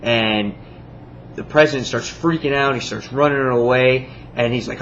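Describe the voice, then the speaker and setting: A man's voice: mid-range voice, normal speed, fairly bright tone, muffled recording, slight background noise. A man giving a casual comic book review, enthusiastic and rambling, full of fillers and acted-out quotes.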